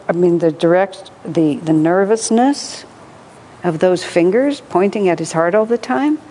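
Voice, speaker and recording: A woman giving an informal spiritual talk to a group, telling stories warmly with frequent laughter and restarts. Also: on the low side, slight background noise. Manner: warm storytelling, laughs often, many restarts and fillers. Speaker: spiritual teacher.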